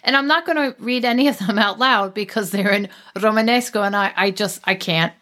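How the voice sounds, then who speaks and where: A woman's voice: medium pitch, a little fast, sharp tone. Woman, guest, casual conversation, chatty, digressive, self-interrupting. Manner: chatty, digressive, with many restarts. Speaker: guest discussing a poet.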